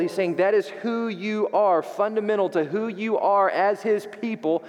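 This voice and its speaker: A man preaching from the pulpit, pressing his listeners with repeated rhetorical questions. His voice sits a little high for a man, and it carries a long reverb from the large sanctuary around him. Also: normal speed, few pauses, a little mellow. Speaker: pastor. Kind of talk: sermon. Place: church sanctuary.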